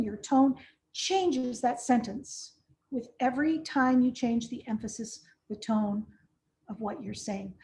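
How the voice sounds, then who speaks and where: A woman's voice: on the high side, darkish tone. Woman giving a practical training talk. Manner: practical, repeats "right?" to check understanding. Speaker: conference trainer. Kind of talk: training presentation.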